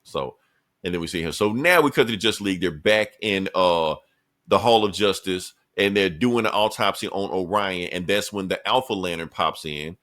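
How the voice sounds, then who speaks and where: Low-voiced man recapping comics casually. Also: normal speed, a bit bright. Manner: loose, profane storytelling with frequent laughs. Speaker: podcast co-host.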